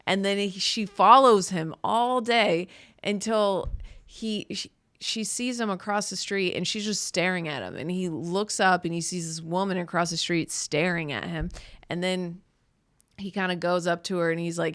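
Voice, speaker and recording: A woman's voice: mid-range voice, moderate pace, fairly bright tone, clean tone, no echo, studio quality. A woman podcast host retelling a story in a casual, rambling, sarcastic way, often breaking off and restarting. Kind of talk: casual comedic monologue.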